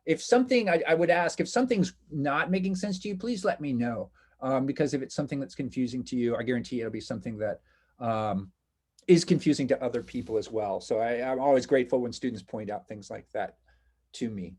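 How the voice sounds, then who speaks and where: A male instructor leads his class over a video call, his voice sitting at an ordinary middle pitch. He talks in a loose, chatty way, reassuring his students and inviting their questions. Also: brisk, darkish tone, breathy edge. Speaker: college instructor. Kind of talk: casual online class lecture.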